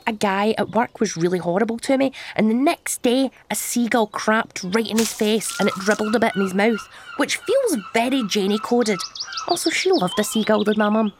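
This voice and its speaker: A young woman delivering scripted comedy with sardonic, deadpan asides. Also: fairly high pitch, slight background noise. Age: young adult.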